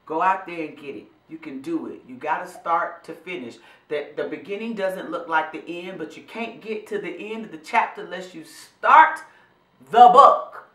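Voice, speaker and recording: A woman talks to her viewers in an animated, preachy way, calling them y'all. Her voice is bright and forceful. The room around her sounds roomy and echoey. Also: lowish voice, moderate pace, hardly any pauses. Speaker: vlog host and professional speaker. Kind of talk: motivational casual talk to camera.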